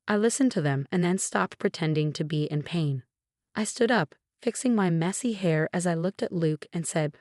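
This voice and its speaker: Give me a woman with a low, dry voice reading a first-person story steadily. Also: moderate pace, a little mellow, dry recording. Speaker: story narrator. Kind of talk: scripted first-person narration.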